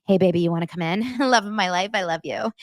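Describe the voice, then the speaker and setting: A woman's voice: medium pitch, fast talker, no echo, clean studio sound, lightly acted. A woman putting on the voice of a giddy, lovestruck middle-aged woman who gushes like a schoolgirl in a squealy, breathless way. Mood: gushing, giddy.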